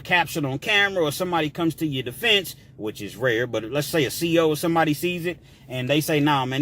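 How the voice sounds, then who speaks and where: Animated man telling a story. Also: on the high side, slight background noise. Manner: animated, slangy, shouts sound effects. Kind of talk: casual storytelling.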